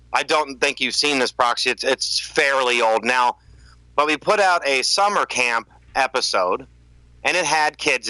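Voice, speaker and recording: A man on a casual podcast, ranting with animated storytelling and mocking the voices of the people he quotes. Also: mid-range voice, dry recording, poor audio. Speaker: podcast co-host, YouTuber.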